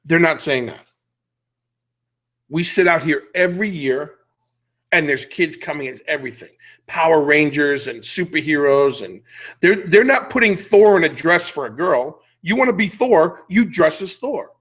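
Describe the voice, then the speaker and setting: A middle-aged man hosts a casual podcast chat, ranting about whatever is on his mind. He talks in a blunt, animated way, and his voice sits a little higher than most men's. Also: moderate pace. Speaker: podcast host.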